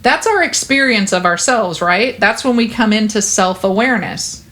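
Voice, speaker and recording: A woman's voice: medium pitch, lively intonation, moderate pace, fairly bright tone. A woman hosting a podcast, explaining child development in a chatty, earnest and reassuring way, filling her talk with "like" and "you know.". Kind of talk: casual podcast conversation.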